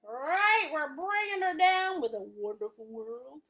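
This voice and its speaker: A woman's voice: sits high, big pitch swings, a little slow, bright, forceful tone. Playful woman leading a painting class. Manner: playful, silly, laughs often. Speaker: art instructor. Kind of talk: live painting class instruction.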